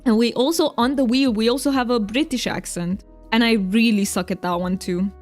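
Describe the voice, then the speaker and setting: A chatty woman with a Romanian accent she leans into on purpose, streaming a game and chatting with her viewers. Her voice sits a little high, and she talks to chat kindly and laughs often. Soft music plays faintly under her. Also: steady tone, brisk. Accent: Romanian, played up for fun. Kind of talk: casual live-stream chat while gaming.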